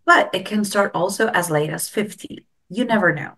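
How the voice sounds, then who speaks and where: A woman's voice: medium pitch, moderate pace, a bit bright. A middle-aged woman speaking as a guest expert in an interview, explaining things earnestly and stressing her key advice.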